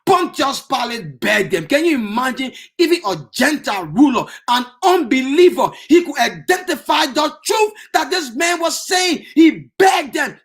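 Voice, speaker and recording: A man preaching an impassioned sermon, often bursting into shouts. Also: very high-pitched, sing-song, normal speed, hardly any pauses.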